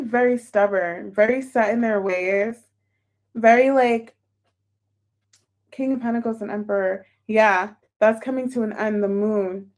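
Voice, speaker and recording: A woman's voice: mid-range voice, a little slow, a little mellow. A woman reading tarot cards for viewers in a chatty, emotional, exclamatory way. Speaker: tarot reader.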